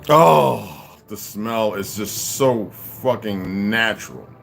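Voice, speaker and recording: A man's voice: on the low side, expressive, slow pace, creaky, fairly bright tone. A man in his fifties giving a blunt, profane, rambling livestream monologue, often repeating words and restarting sentences. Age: 50s. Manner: profane, blunt, stream-of-consciousness.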